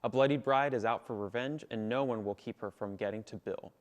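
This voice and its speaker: A young man co-hosting a student video show, enthusiastic and animated. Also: on the low side, brisk. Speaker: co-host. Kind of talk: scripted campus video hosting.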